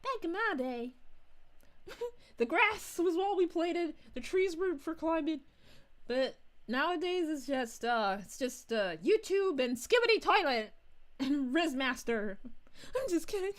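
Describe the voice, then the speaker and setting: A woman's voice: high voice, big pitch swings, measured pace. Princess Daisy, voiced by a woman streaming. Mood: bubbly. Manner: giggly, gushing, reads chat aloud. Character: bubbly, giggly young princess, cheerful. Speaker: VTuber streamer. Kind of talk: livestream chat reading.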